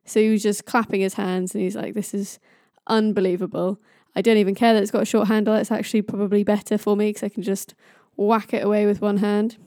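A woman's voice: medium pitch, level tone, quick pace, hardly any pauses, warm tone, no room sound, clean studio sound, lightly acted. A woman voicing a blunt, boisterous male thunder god in a told myth. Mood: gleeful. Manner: blunt, gleeful.

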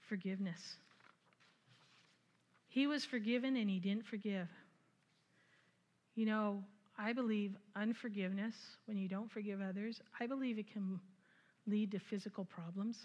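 A woman preaching a conversational sermon, retelling scripture with lively asides and frequent laughter. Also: medium pitch, normal speed, pauses often, muffled recording.

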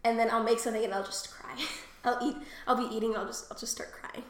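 A woman's voice: a little high, steady tone, fast, roomy sound. A woman co-hosting a podcast, telling rambling, crude stories with lots of fillers and laughs, and coughing after a cold. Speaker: podcast co-host. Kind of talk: casual chat.

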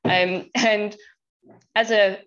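A young woman chats through a casual discussion, telling anecdotes and slipping into bits of acted dialogue. Her voice sits at an ordinary middle pitch. The recording sounds a little dull and lo-fi. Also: steady tone, very slow. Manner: chatty, anecdotal, acts out dialogue. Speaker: discussion panellist, new mother.

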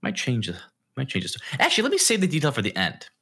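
A young male co-host on a podcast speaks at a quick pace with a mid-range, husky voice. His casual storytelling is lively, and he acts out the quotes.

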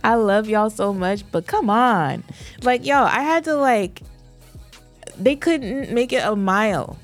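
A woman in her thirties co-hosting a podcast, telling stories with animated laughter in casual chat. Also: on the high side, takes it slowly, soft background music. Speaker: podcast co-host.

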